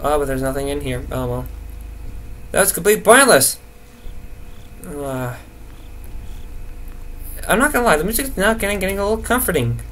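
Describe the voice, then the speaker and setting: A young man rambling nervously through horror game commentary, swearing and talking to himself to stay calm. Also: a little high, moderate pace, long pauses, slight background noise. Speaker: gaming video host.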